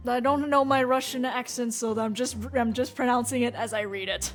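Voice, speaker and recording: A woman streaming a video game, commenting in an animated, exclamatory way. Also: fairly high pitch, normal speed, hardly any pauses, soft background music. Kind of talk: casual live game commentary.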